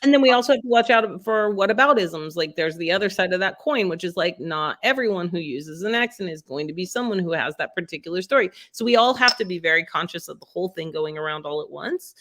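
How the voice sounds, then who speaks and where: A woman's voice: on the low side, animated, fast talker, hardly any pauses, a bit bright, slight background noise. A woman talking as a writer guest on a podcast, earnest and reflective, speaking from her own experience in casual conversation.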